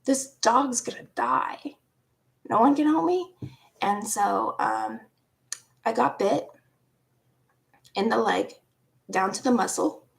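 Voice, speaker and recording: A woman around forty casually telling a personal story, animated, laughing often and dropping into hushed asides. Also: fairly high pitch, slow, gravelly, long pauses. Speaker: vlogger.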